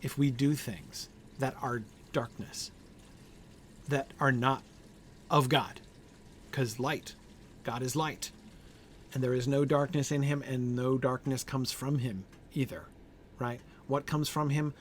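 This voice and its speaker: A man's voice: medium pitch, fairly even intonation, slow, slight background noise. Man leading a Bible study, thinking aloud. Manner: thinking aloud with many fillers and "right?" checks; answers group members by name. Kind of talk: informal Bible study discussion.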